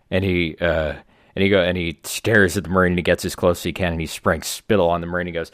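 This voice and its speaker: Comedy podcast co-host, deep-voiced man, dry and deadpan, rambling tales. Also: fairly quick, no echo. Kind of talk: casual comedy podcast chat.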